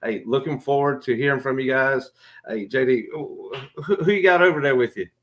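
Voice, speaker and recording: A man's voice: mid-range voice, moderate pace, dull audio. A man co-hosting a sports podcast in a laid-back, friendly way. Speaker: podcast co-host. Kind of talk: casual sports podcast chat.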